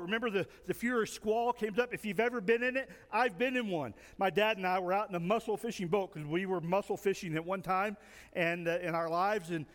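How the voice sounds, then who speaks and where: A man with a high voice preaches in a big church whose sound rings on with long reverb. He tells his stories vividly and acts out the people in them, pausing in short phrases for an interpreter. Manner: storytelling, acts out dialogue. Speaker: pastor. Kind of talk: sermon with an interpreter. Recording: long reverb in a large hall.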